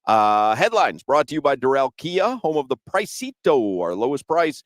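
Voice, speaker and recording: A male radio sports talk host at a live arena broadcast, chatting casually, teasing his co-hosts and reading sponsor copy smoothly. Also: mid-range voice, sing-song, normal speed, dry recording.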